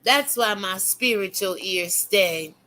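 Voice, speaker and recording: A middle-aged woman delivering a fiery, profane religious rant as an online commentator, shifting between loud preaching and low muttering. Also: takes it slowly, very noisy.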